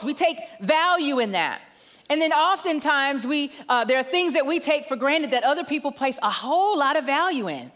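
A middle-aged woman preaches in a large church. Her voice sits high, and she acts out family dialogue with lively storytelling. A long reverb trails each phrase through the hall. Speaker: guest pastor. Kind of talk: sermon with storytelling.

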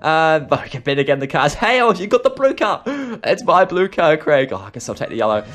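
A young man, excitable and chatty, hosting an improvised game role-play. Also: fairly high pitch, a little fast. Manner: excitable, chatty, lots of laughs. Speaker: video host. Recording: faint music behind.

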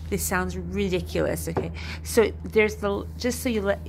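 A woman chats to her viewers in a relaxed, upbeat video diary, poking fun at herself as she goes. Her voice sits in a middle pitch. A faint hiss of background noise runs under the recording. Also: normal speed, creaky. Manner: chatty, self-deprecating, upbeat. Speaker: vlogger. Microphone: headphones with Bluetooth device.

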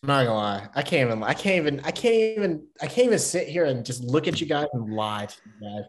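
A man's voice: medium pitch, sing-song, quick pace. A man with a Southern US accent from Georgia, a podcast guest who chats in a rambling, self-laughing way. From Atlanta, Georgia. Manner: chatty, rambling, laughs at himself. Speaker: podcast guest, baseball player. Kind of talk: casual podcast chat.

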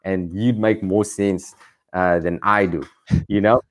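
A man with a Cape Town accent, a comedian guest chatting casually on a video call from a garage rooftop, animated and self-deprecating with many restarts. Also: sits low, unhurried. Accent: Cape Town South African. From South Africa. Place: on top of a garage, outdoors.

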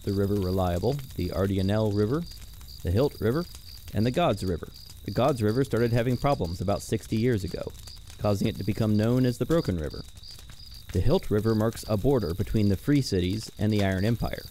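Male game master, low mellow voice, scripted recap, faint hiss behind. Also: brisk. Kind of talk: scripted narration.

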